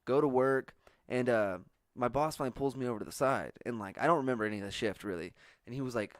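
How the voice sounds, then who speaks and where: A man's voice: mid-range voice, racing, no room sound, studio quality. A man, hosting a casual podcast and telling rambling, profane stories. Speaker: podcast host. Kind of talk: casual storytelling chat.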